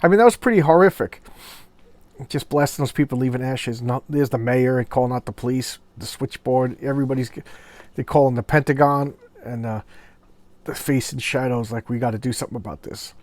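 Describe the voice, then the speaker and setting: A man's voice: mid-range voice, a little fast, a little mellow. A middle-aged man reviewing comic books in a casual, rambling way, with frequent fillers and restarts. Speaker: comic book collector and reviewer. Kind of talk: casual commentary vlog.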